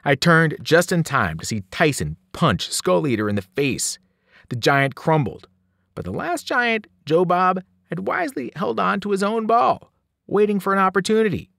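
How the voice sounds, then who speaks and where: A man, a teacher, reading a novel aloud with dramatic, animated storytelling. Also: high-pitched, normal speed, creaky, dry recording, studio quality. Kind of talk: novel read-aloud narration.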